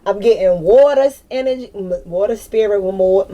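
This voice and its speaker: Excitable woman giving a spiritual reading. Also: mid-range voice, moderate pace, rough recording. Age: adult with a daughter. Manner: rambling and excitable, bursts into loud laughter and slang. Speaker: spiritual card reader. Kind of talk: casual tarot-style collective reading.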